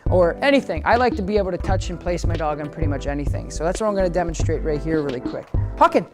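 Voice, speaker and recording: With music playing behind her, a deep-voiced woman who trains dogs talks quickly through a demonstration. She explains casually and chattily, frequently starting her sentences over.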